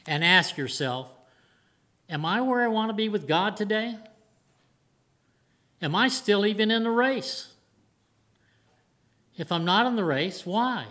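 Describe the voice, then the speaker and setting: An older man delivers a sermon in a church, speaking in a somewhat high voice. His delivery is earnest and plain-spoken, urging the congregation on. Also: a bit bright. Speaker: preacher.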